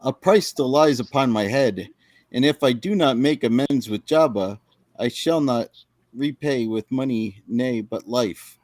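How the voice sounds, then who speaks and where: A man's voice: mid-range voice, unhurried, darkish tone, no echo, close to an everyday voice. A man reading a roguish male space smuggler in Shakespearean-style verse. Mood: resolute.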